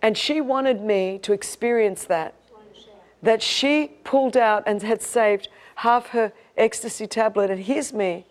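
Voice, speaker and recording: An Australian woman in her fifties preaching a sermon, passionate and emphatic, moving between rousing declarations and quieter storytelling. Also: a little high, a little slow.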